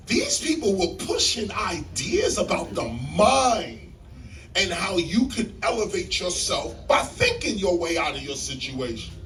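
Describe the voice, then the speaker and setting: Animated New man telling a story. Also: recorded from a distance, rough recording. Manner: animated, preacher-like storytelling with sudden pitch jumps and emphatic repeats. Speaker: guest speaker on stage. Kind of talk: live storytelling talk. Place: library event hall before a live audience.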